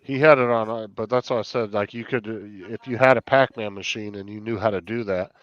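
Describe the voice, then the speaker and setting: A man's voice: on the low side, fairly even intonation, a little fast, dry recording, highs cut off. A man hosting a live stream, chatting loosely and joking with friends. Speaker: streamer host. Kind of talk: casual live-stream chat.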